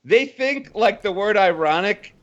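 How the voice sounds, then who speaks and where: Animated high-voiced male guest, lo-fi mic. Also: measured pace. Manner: animated, exasperated. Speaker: podcast guest. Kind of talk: casual chat.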